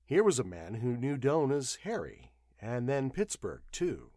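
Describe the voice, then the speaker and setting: Expressive male audiobook narrator. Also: medium pitch, measured pace, few pauses, no echo, clean studio sound. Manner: expressive, acts out voices.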